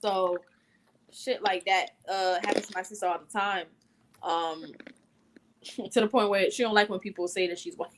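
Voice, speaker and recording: A woman's voice: medium pitch, steady tone, moderate pace, long pauses, a little hiss or hum. A woman co-hosting a casual talk show, speaking bluntly and rambling, with lots of filler words. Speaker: podcast co-host. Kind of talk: casual chat.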